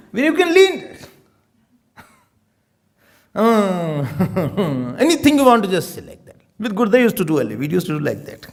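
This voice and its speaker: A man giving a spiritual talk as a swami, teaching in an animated way and often breaking into laughter. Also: very high-pitched. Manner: animated teaching, often laughing, mixing in Hindi and Sanskrit terms. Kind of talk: sermon.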